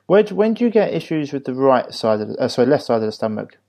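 A man's voice: medium pitch, big pitch swings, fast, darkish tone. A man hosting a podcast interview, asking questions casually, often restarting and apologizing. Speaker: podcast host.

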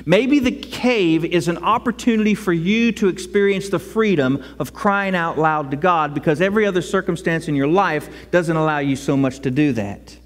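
High-voiced preacher in an echoing hall. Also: male voice, moderate pace, few pauses. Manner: animated, conversational preaching with acted-out prayers. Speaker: pastor. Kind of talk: sermon. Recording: long reverb of a large hall.

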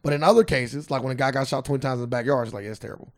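A man's voice: mid-range voice, fairly even intonation, racing, darkish tone. A young man co-hosting a podcast, talking casually in slang and laughing often. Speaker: podcast co-host. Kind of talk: casual chat.

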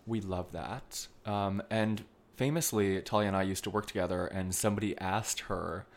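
A man's voice: deep voice, steady tone, moderate pace. A man from Vermont, hosting a podcast in a loose, playful way with frequent ums and casual swearing. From Vermont, United States. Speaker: podcast host. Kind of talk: casual chat.

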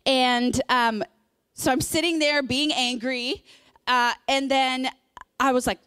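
A woman's voice: sits high, a little slow, fairly bright tone, clean tone, dry recording, studio quality. A woman in her thirties preaching a sermon in a conversational way, telling personal stories with lots of fillers.

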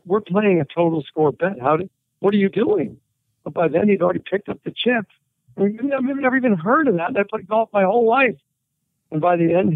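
A man, a writer and interview guest, telling animated anecdotes and quoting people as he goes. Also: high-pitched, gravelly, no room sound. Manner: animated anecdotes with quoted voices and laughter. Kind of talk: storytelling interview. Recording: tinny phone-like line.

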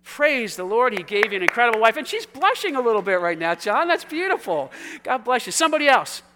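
A man preaching a sermon, talking with his congregation in a conversational, energetic way that swings from quiet asides to loud, exuberant calls. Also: very high-pitched, fairly quick, background noise. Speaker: pastor. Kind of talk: sermon with congregation call-and-response.

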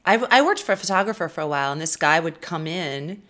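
Low-voiced woman, blunt and jokey. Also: lively intonation, quick pace, a bit bright. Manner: blunt, swears freely, jokey. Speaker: podcast co-host. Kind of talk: casual chat.

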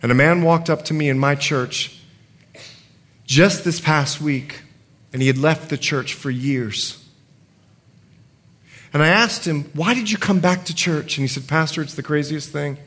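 A man preaching a sermon in a high, bright voice. He tells stories with animated swings, shouting one moment and dropping low the next. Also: a little slow, long pauses. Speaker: pastor.

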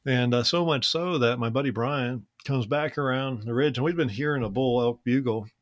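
A man co-hosting a podcast, casually telling a personal story in a relaxed, conversational way, with frequent "man" and "uh" fillers. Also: medium pitch, moderate pace, no echo, studio quality. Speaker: podcast co-host.

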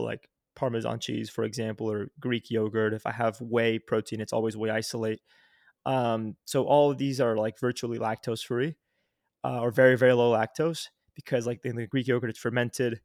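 A man's voice: medium pitch, no echo. Young guy on a podcast giving breathing tips, earnest, lots of "like", mid voice, dry close mic. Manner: earnest, coaching, full of "like" and restarts. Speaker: podcast guest, health coach. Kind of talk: casual instructive interview talk.

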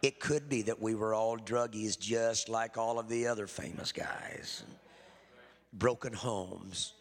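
A middle-aged man, a pastor giving a sermon testimony at a church service, emphatic and swinging between loud and hushed. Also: fairly low pitch, slow, big-room sound.

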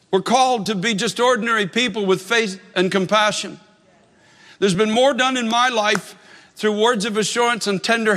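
The sound echoes with the long reverb of a hall, much like a church, as a male pastor preaches earnestly. His voice is high and bright, and he drives points home by repeating phrases.

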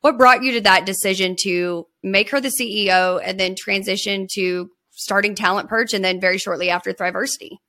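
A woman hosts a podcast interview with a bright, sharp voice. She keeps the talk chatty and upbeat, with casual swearing mixed in. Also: medium pitch, fairly even intonation, brisk, hardly any pauses. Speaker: podcast host.

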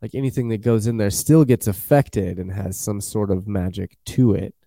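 A man's voice: lowish voice, fairly even intonation, moderate pace, creaky, warm tone, no room sound, studio quality. A man chatting casually as a podcast host, rambling and acting out quotes in jokey voices. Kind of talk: casual chat.

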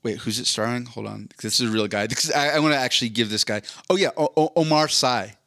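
A man chatting loosely as a podcast co-host, stumbling and restarting his sentences and laughing as he goes. His voice sits at an ordinary middle pitch. It is recorded close and dry, with no room sound. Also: fast talker, pushed and bright, dry recording. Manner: rambling, profane, laughs mid-sentence. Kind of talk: casual chat.

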